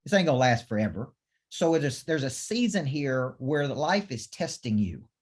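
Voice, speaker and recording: A man coaching salespeople with hard, repeated emphasis. His voice sits at an ordinary middle pitch, and he keeps checking that everyone is with him. It sounds like a live training session. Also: animated, moderate pace. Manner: emphatic, repetitive, asks audience for affirmation. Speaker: business coach. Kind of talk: motivational training talk.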